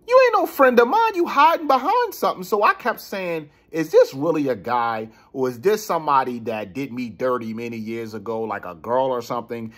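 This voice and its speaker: A man in his forties telling a personal story in a casual, animated way, getting worked up and repeating words. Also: medium pitch.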